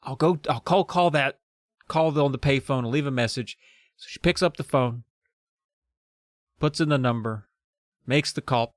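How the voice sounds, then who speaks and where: A man's voice: mid-range voice, moderate pace, long pauses, dry recording, studio quality. A man co-hosting a comedic podcast, recapping a kids' horror book in a casual, wry way. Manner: casual, wry, reacts with laughs and swearing. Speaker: podcast co-host.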